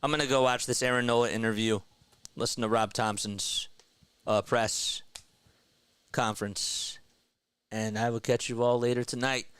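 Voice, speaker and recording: A young man hosting a casual baseball fan livestream, excitedly talking to his chat. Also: medium pitch, normal speed, pauses often, clean tone, no echo. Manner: excited, animated, talks to chat as "bro" and "man". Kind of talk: casual post-game fan talk, reading chat.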